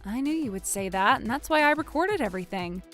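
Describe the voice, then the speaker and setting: A woman voicing a calm, firm young wife in an animated story, speaking steadily. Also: a little high, brisk, faint music behind. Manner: steady, matter-of-fact. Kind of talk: animated story narration and dialogue.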